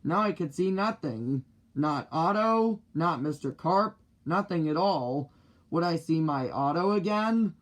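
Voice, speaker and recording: A man reading a children's picture book aloud in the first person, slow and deliberate. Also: on the high side, animated. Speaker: storybook reader.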